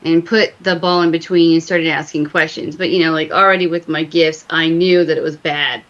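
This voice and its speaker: A woman's voice: low-pitched, steady tone, moderate pace, a bit bright, muffled recording. A woman, a medium, telling a ghost story in a casual, rambling way with many fillers. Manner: rambling, full of fillers and restarts. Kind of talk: casual storytelling on a talk show.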